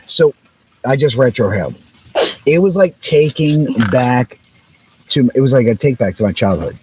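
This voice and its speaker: A man's voice: mid-range voice, animated, moderate pace, background noise. A man co-hosting a casual chat, laid-back while smoking a cigar. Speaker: co-host.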